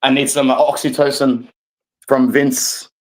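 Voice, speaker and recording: A man's voice: mid-range voice, flat delivery, unhurried, low-quality recording. A man, a guest in a casual football chat, talking with passion and rambling on. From Australia.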